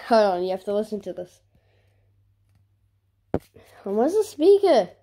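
A woman's voice: medium pitch, sing-song, a little slow, warm tone, slight background noise. A woman unboxing a new phone for her vlog, talking casually with sarcastic, grumbling asides. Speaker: vlogger.

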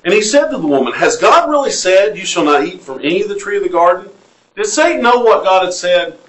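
In an echoey church sanctuary, a male pastor with a Southern US accent preaches an interactive sermon, reading from scripture and asking the congregation questions. His voice is high, expressive, and a bit bright, moving at a fairly quick clip.

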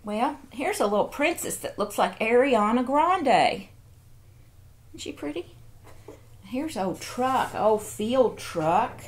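A woman's voice: fairly high pitch, expressive, takes it slowly. A woman, chatting casually while unboxing toys and cooing over each one. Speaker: toy collector vlogger.

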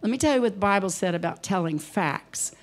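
A woman's voice: mid-range voice, lively intonation, fairly quick. Folksy, emphatic woman preacher in her sixties. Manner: folksy and emphatic, acting out quoted voices. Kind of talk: evening service sermon.

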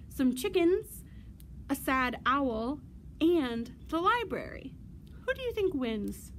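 A woman leading a virtual storytime for children as a librarian, speaking in a slow, singsong, animated way with loud playful roars. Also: sits high, a little hiss or hum.

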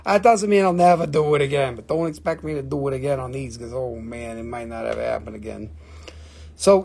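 A fairly high-voiced man runs a live auction of rocks and minerals from his shop. He is excitable, swears freely and mocks himself as he knocks the prices down. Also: creaky, breathy edge. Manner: excitable, swearing, self-mocking. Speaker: live-stream rock seller. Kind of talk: live auction sales stream.

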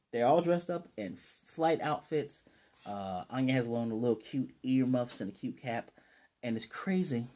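A man's voice: medium pitch, darkish tone. A man casually recapping an anime episode, animatedly paraphrasing the characters' lines. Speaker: anime reviewer.

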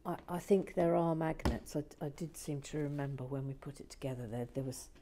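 A woman hosting a relaxed building vlog from her shed, reading comments with dry teasing humor and soft whispered asides. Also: deep voice, fairly quick, a little hiss or hum. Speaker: vlog host. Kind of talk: casual chat while building and reading comments.

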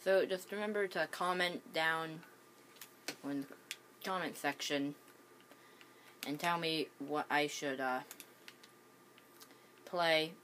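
A woman's voice: low voice, slow, pauses often, a bit bright, a little hiss or hum. A woman with the hiccups giving casual gameplay commentary at home, hesitant, with many ums and restarts. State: has the hiccups. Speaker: gaming channel host.

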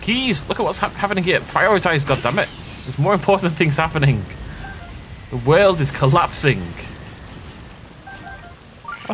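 A man's voice: a little high, lively intonation, normal speed, long pauses, over music. A man chatting casually while playing a game, rambling and self-deprecating. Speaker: let's play host. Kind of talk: casual gameplay commentary.

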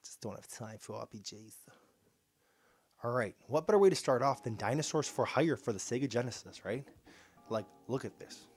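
Young man, casual let's-play host, animated, sarcastic, slightly ill, faint background music. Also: mid-range voice, normal speed, slightly rough. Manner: sarcastic, reacting excitedly to gameplay. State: slightly ill, clearing throat and coughing. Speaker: gaming channel host. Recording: faint game music behind.

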